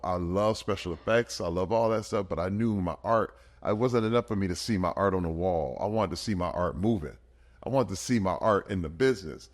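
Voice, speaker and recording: A man in his fifties with a lowish voice, talking as a podcast guest. He tells his story earnestly and with feeling, and his voice swings up high and gets louder when he gets animated. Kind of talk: emotional personal storytelling.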